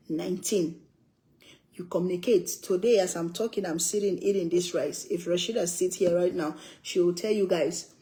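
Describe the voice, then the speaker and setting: A woman's voice: on the low side, dark tone, rough recording. An older woman from Africa, chatting casually and emphatically while she eats, repeating her points and laughing often. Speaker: cooking vlogger. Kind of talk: casual chat while eating.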